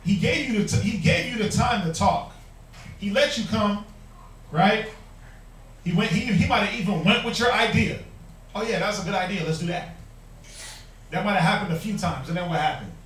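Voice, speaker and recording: A man's voice: high-pitched, lively intonation, normal speed, fairly bright tone. A man teaching a Bible class, preaching emphatically with rhetorical questions and mocking quotes. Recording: echoey room, mic far off.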